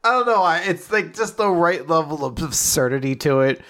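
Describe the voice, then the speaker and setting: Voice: mid-range voice, animated, normal speed, a bit bright. A co-host in casual chat, enthusiastic, laughing often and swearing freely.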